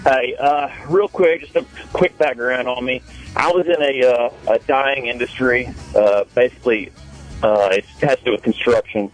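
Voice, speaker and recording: A mid-pitched man from Tennessee calls into a radio show and speaks earnestly, leaning hard on his points. Faint music plays behind the call. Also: moderate pace, rough recording. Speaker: caller.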